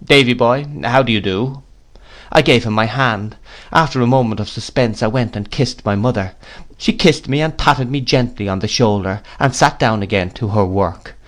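A man narrating an audiobook of a classic novel in a measured, expressive storytelling manner. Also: on the low side. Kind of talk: audiobook reading.

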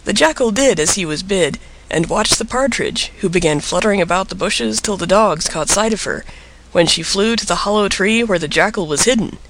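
A man narrating a storybook tale in an expressive, lilting way. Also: sits high, moderate pace, slight background noise, low-quality recording.

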